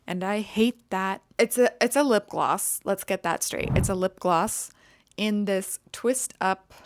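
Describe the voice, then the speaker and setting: A woman's voice: mid-range voice, unhurried, slight background noise. A young adult woman reviewing makeup in a casual vlog, ranting with exasperated sarcasm and dramatic emphasis. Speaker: beauty vlogger.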